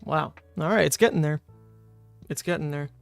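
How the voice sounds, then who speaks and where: Chatty card-game streamer, dry close sound. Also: male voice, a little high, moderate pace, gravelly, no room sound, faint music behind. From New Orleans, Louisiana, USA. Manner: thinks aloud about plays, chats with viewers, wry. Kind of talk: casual live-stream commentary.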